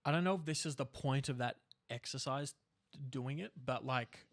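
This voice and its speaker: Young Australian man, gravelly voice, candid, casual storyteller. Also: mid-range voice, moderate pace. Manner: candid, swears freely, storytelling. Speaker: podcast co-host, actor. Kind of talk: casual conversation.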